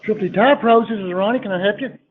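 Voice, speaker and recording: A man, a sales trainee, doing phone role-play practice with rapid, eager sales patter. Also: sits high, husky. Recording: tinny phone-like line.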